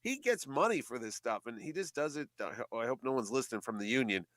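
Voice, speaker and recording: A man's voice: mid-range voice, quick pace, dry recording. Chatty man telling convention stories. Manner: chatty storyteller, animated quoting of others. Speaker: comic convention organizer, guest. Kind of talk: casual radio interview chat.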